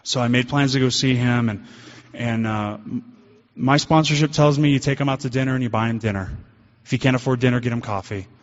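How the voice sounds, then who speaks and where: A man's voice: mid-range voice, a little fast. A man giving a candid, self-deprecating recovery talk to a meeting. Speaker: guest speaker at a recovery meeting. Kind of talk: personal recovery talk to a group. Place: meeting hall. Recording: dull lo-fi hall recording.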